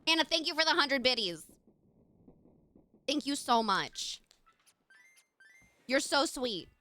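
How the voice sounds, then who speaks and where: A bubbly young woman streamer chatting with her viewers between gameplay. Her voice is bright and fairly high, swooping up and down with lively energy as she gushes her thanks. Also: takes it slowly, no room sound, soft background music. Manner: bubbly, gushing, thanks chat warmly. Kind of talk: casual live-stream chat.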